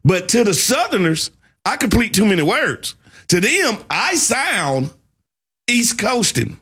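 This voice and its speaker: A co-host from the American South with a Southern US accent, talking with a husky edge. His voice sits high and bounces around a lot. He tells stories in an animated, playful way. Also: takes it slowly. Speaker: show co-host. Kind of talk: casual chat.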